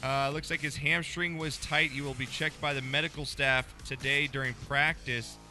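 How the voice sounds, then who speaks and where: A young man hosting a casual sports talk show, joking and moving briskly through segments. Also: medium pitch, level tone, pushed and bright, faint music behind.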